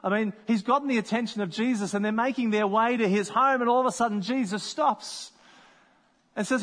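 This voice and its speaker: High-voiced man preaching in a hall. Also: fairly quick, fairly bright tone. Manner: conversational storytelling, acts out voices. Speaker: pastor. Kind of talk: sermon.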